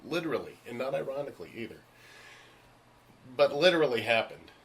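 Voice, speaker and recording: Man, actor, casual storyteller; lively, blunt, acts out others' lines, mid-range voice. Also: medium pitch, fairly quick, a little hiss or hum. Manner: animated, acts out the voices of people in his stories; frank and emphatic. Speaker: stage and screen actor.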